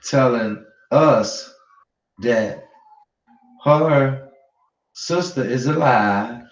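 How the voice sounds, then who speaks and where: A man's voice: mid-range voice, very slow. Emphatic man ranting in a roomy, dull recording. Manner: emphatic, repeats points, talks straight to viewers, swears freely. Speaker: online news commentator. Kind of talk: casual commentary to viewers.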